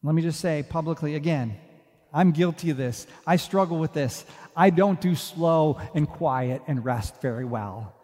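A man preaches in a church, his fairly high voice carrying with a long hall reverb behind it. He moves between soft, hushed asides and earnest, emphatic declarations. The tone is that of a pastor speaking to his congregation. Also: unhurried. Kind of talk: sermon. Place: church sanctuary.

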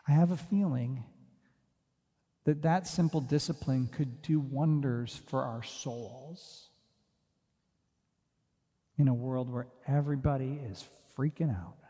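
A man preaching a sermon as pastor. He talks earnestly, drops to hushed, quiet phrases and then builds to emphatic declarations. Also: medium pitch, slow pace, pauses often, slightly rough. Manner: earnest, shifts from soft hushed asides to rising emphatic declarations. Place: church sanctuary. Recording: long hall reverb.

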